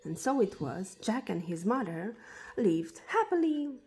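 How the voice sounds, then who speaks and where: A woman reading a fairy tale aloud for children, slowly and with small slips and restarts. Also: medium pitch, big pitch swings, darkish tone, low-quality recording. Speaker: storyteller.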